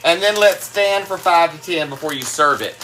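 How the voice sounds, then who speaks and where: Bright-voiced Southern woman with a twang. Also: on the low side, normal speed, soft background music. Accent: South Carolina Southern twang. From South Carolina, USA. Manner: chatty and folksy, laughs often, greets viewers warmly. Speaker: cooking livestream host. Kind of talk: casual chat while cooking live.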